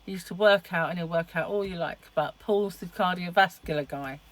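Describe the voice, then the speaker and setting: A woman's voice: fairly low pitch, brisk, rough recording. Chatty middle-aged woman vlogging. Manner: chatty, rambling, laughs often. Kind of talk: casual chat to camera.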